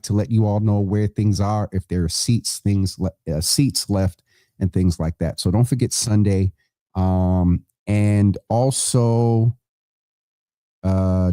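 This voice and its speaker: A man with a low, mellow voice hosts a live online show from a dry, close-miked room. He runs through announcements in a casual, rambling way, often stopping mid-sentence to fix what he just said. He speaks straight to his viewers, calling some of them by name. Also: no room sound. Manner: chatty and rambling, self-correcting, talks to viewers by name.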